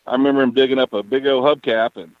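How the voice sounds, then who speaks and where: A man calling in to a radio show, rambling excitedly with lots of fillers. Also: mid-range voice, fast talker, dry recording. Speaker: caller. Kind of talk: casual call-in chat. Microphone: phone. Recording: muffled phone call.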